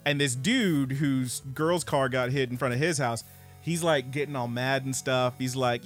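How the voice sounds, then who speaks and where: Profane, animated male podcast storyteller. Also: medium pitch, a little fast, soft background music. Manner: profane, animated storyteller acting out others' lines. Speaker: podcast co-host.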